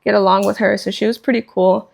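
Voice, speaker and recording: A young woman from chats on her podcast in a loose, rambling way. Her voice slides into a gravelly fry at the ends of phrases. She leans on "like" constantly and swears without a second thought. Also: medium pitch, fairly even intonation, quick pace, darkish tone. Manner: rambling, heavy use of "like", swears casually. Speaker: podcast co-host. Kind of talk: casual chat.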